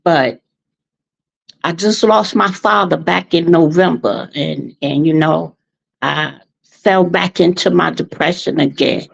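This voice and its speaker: A woman calling in to a live show, talking slowly and haltingly, with emotion in her voice. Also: deep voice, vocal fry. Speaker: caller. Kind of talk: call-in commentary. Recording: muffled call-in line.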